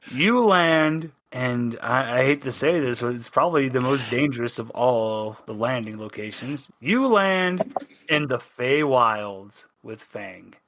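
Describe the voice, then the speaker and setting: A man's voice: mid-range voice, fairly bright tone. A man narrating as the game master of a tabletop role-playing session, telling the story dramatically and playfully.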